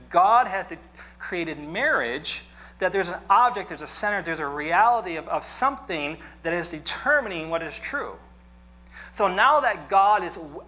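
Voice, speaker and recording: A man's voice: sits high, pushed and bright. A man teaching an apologetics class in a conversational, joking manner, often checking in with the room. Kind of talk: classroom lecture.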